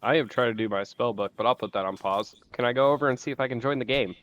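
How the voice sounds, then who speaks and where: A man playing a tabletop role-playing game, talking in a relaxed, casual way. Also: medium pitch, fast, lo-fi sound. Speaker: player.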